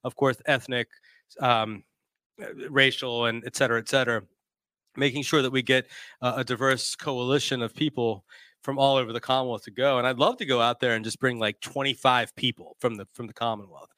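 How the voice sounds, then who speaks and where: A man's voice: mid-range voice, fairly even intonation, brisk, bright, forceful tone, no echo, studio quality. A man hosting a casual live-streamed talk show, laughing often and reading out viewer comments. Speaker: podcast host.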